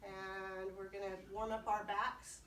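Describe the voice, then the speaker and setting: A woman's voice: mid-range voice, level tone, measured pace, fairly bright tone, a little hiss or hum. A woman children's librarian leading a kids' music and movement class, cheerful and encouraging, with playful sound words. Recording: roomy sound from a distant mic.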